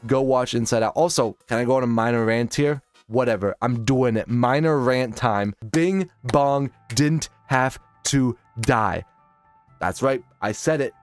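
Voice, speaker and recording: A man's voice: medium pitch, moderate pace, hardly any pauses, smooth, no room sound, soft background music. Profane young man ranting about films. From Minnesota, United States. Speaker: film reviewer. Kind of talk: casual opinionated ranking monologue.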